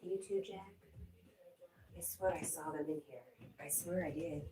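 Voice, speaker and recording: Low-voiced chatty woman streamer. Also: a little slow, noisy background. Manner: chatty, talks to her dog and viewers, laughs often. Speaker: livestream host reading chat. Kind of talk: casual chat livestream.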